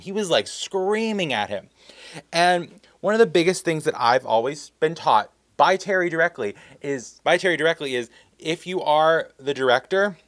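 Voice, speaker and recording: Casual male storyteller, lively, acts out quotes, dry close mic. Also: fairly high pitch, dry recording. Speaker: storyteller vlogger.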